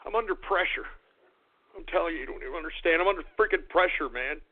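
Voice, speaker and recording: Agitated high-voiced man ranting on radio. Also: fast talker. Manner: agitated, swearing, stammering rant. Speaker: radio talk show host. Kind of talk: ranting radio talk show. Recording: tinny phone-like radio audio.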